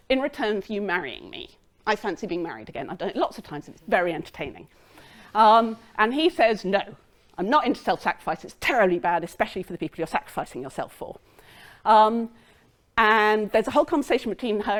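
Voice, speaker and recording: A woman giving a lecture, retelling a play's plot in a lively way and briefly acting out the characters' lines. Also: medium pitch. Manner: lively, acts out lines of dialogue in quick quotes.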